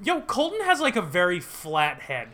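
A man's voice: sits high, wildly swooping pitch, normal speed, pushed and bright. A young man co-hosting a podcast, chatting casually and rambling with lots of fillers. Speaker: podcast co-host. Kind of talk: casual chat. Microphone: headphones and podcast mic.

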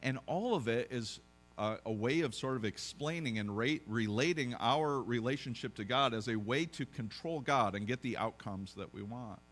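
A man's voice: mid-range voice, normal speed, a bit bright. Conversational man preaching a sermon. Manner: conversational storytelling with joking asides and frequent restarts. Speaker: pastor.

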